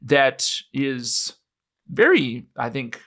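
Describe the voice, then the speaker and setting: Bright-voiced male podcast co-host. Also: mid-range voice, sing-song, drawn-out words. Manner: rambling, self-mocking, with frequent laughs. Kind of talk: casual podcast chat.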